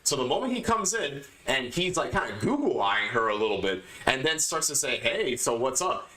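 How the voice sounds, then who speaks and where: A man's voice: medium pitch, animated, fairly quick, crowd noise. Assertive man in an echoey room. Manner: assertive, emphatic, lecturing. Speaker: podcast host. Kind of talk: casual advice monologue.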